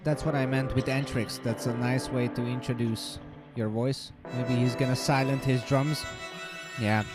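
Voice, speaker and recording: A man's voice: medium pitch, little pitch movement, normal speed, over loud music. A man judging beatbox entries on a casual live reaction stream, joking, swearing and laughing often.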